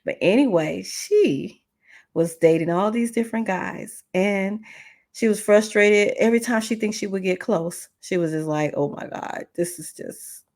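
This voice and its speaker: A woman relationship coach hosting a podcast, telling a story in an animated, conversational way and speaking straight to her listeners. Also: medium pitch, unhurried. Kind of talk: casual storytelling.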